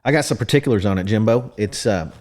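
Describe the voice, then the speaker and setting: A man's voice: lowish voice, quick pace, a little mellow, slight background noise. A man hosting a podcast in casual chat, folksy and rambling in how he talks. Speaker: podcast host.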